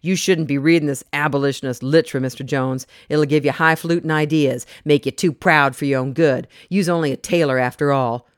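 Harsh bearded slave hunter, blunt and threatening, smooth dry voice from the reader. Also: medium pitch, fairly even intonation, a little fast, few pauses, dry recording, close to an everyday voice. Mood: menacing.

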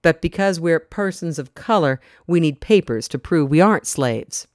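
The reader voicing John, a calm, polite husband speaking with quiet determination. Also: mid-range voice, normal speed, no echo, clean studio sound, natural voice. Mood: composed.

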